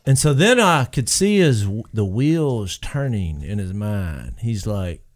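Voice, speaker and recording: Lively man spinning a yarn. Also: on the low side, takes it slowly. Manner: animated, rambling, acts out quoted people. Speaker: podcast co-host telling a story. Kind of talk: casual storytelling chat.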